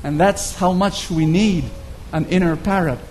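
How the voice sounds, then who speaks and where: A man's voice: high-pitched, a little slow, darkish tone, slight background noise. A man preaching a sermon, telling a story earnestly and often repeating words as he goes.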